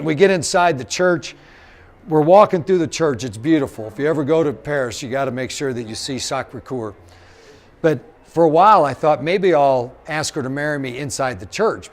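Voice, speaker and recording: A man's voice: a little high, vocal fry. A middle-aged man from Missouri giving a live motivational talk, telling stories, acting out the quotes and speaking straight to the audience. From Missouri, USA. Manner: animated storyteller, acts out quotes, addresses the audience directly.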